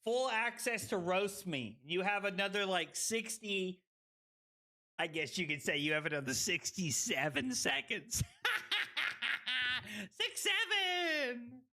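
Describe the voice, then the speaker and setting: A man streaming a card game, tipsy and rowdy, swearing, laughing and shouting with excitement. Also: high voice, measured pace, soft background music. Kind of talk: rowdy drunk livestream chat.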